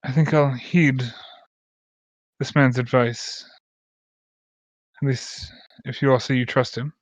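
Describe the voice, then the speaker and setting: A man voicing a wary young noblewoman who speaks hesitantly, with pauses. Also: medium pitch, steady tone, dry recording, natural voice. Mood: uncertain. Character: wary young noblewoman, careful and soft-spoken. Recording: muffled lo-fi mic.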